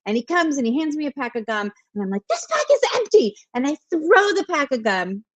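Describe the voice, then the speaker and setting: A woman's voice: on the high side, expressive, fast, a bit bright, dry recording. A woman who is a mother and guest author, telling stories animatedly in a conversational interview with emphatic repetition. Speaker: parent. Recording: dull lo-fi dry sound.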